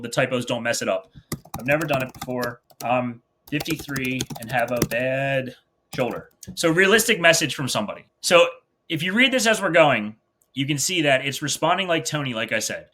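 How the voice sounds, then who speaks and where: A man from New Jersey presents a software demo to gym owners while sharing his screen. He talks in a blunt, salesy way and swears casually. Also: mid-range voice, slight background noise. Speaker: fitness business presenter. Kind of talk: screen-share product demo narration.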